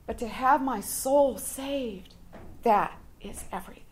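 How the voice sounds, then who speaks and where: A woman shares a devotional reflection with her Bible study group. Her voice sits a little high, and she talks very slowly, leaving pauses between short phrases. She keeps an earnest, measured tone throughout. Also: a little hiss or hum.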